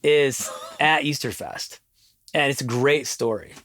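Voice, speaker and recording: A middle-aged man speaking as a guest in an interview. His voice is close and dry, with no room sound, and sits at an everyday pitch. He tells stories with lively energy and laughs easily along the way. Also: unhurried, dry recording. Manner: animated, laughs while telling stories. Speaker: musician guest. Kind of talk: casual interview storytelling.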